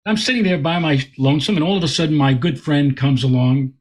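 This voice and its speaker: Husky-voiced man telling a story. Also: a little high, a little fast. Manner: animated, repeats words while telling a story. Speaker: guest astronomer. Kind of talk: anecdotal storytelling in interview.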